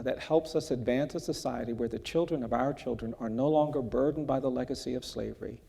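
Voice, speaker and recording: A man with a dark, gravelly, husky voice tells a story in an earnest, measured way during an onstage conversation. His voice carries a long reverb from the large event hall around him. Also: medium pitch. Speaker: guest speaker, justice advocate.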